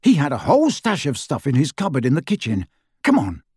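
A man's voice: medium pitch, wildly swooping pitch, fairly quick, darkish tone, slightly rough, no echo, clean studio sound. A man voicing an urgent, commanding teenage boy wizard giving orders.

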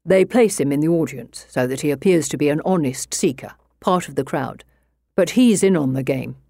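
A woman voicing a calm, lightly condescending male police inspector in an audiobook. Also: deep voice, normal speed, vocal fry, dry recording, clean studio sound, voice pushed down. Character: dry, cool-headed male police inspector. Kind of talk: audiobook narration.

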